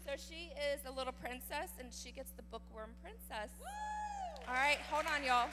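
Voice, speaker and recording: A woman's voice: high voice, expressive, normal speed, music in the background. A woman teacher handing out student awards at a graduation ceremony, enthusiastic and cheering each student on. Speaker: elementary school teacher. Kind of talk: award presentation speech. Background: audience crowd.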